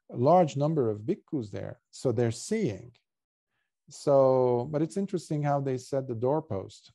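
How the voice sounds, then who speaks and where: A monk leading a sutta study talk, reflective and a little hesitant, with frequent fillers. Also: male voice, medium pitch, creaky, mellow. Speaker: Buddhist monk teacher.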